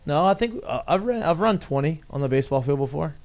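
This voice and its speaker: Ex-ballplayer man, slightly high voice, laid-back and halting. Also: animated, darkish tone. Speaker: former baseball player. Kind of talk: casual sports podcast chat.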